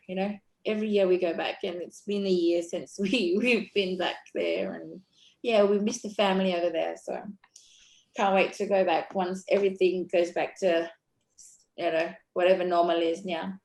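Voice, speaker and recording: A woman's voice: on the low side, steady tone, normal speed, a little mellow. A woman from the Cocos Keeling Islands with an Australian accent, talking loosely as an interview guest with many fillers. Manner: loose and rambling, full of "you know" fillers. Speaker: guest, visitor centre worker. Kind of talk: casual interview chat.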